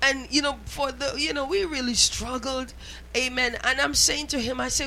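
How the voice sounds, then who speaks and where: A woman's voice: sits high, normal speed, vocal fry, sharp tone, a little hiss or hum. A woman giving an emotional sermon testimony, her phrases rising into half-sung cries.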